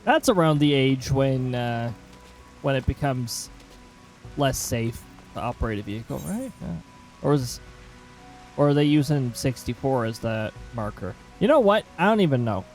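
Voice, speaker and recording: A man's voice: mid-range voice, expressive, moderate pace, a little mellow, soft background music, poor audio. A man streaming a game live, chatting casually and self-mockingly and reading chat messages aloud.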